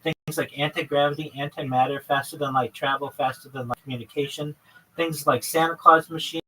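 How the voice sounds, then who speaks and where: Bright, earnest man on a distant mic. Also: on the high side, steady tone, a little fast, a little hiss or hum. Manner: earnest, lists many topics in long runs. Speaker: livestream host. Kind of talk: livestream chat with a caller.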